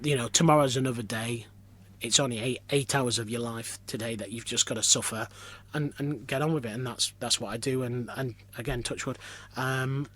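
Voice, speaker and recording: A man's voice: medium pitch, fairly bright tone. A man from Lancashire, a pantomime performer, chatting as a podcast guest in a self-deprecating storytelling manner with many restarts. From Lancashire, England. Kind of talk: casual interview chat.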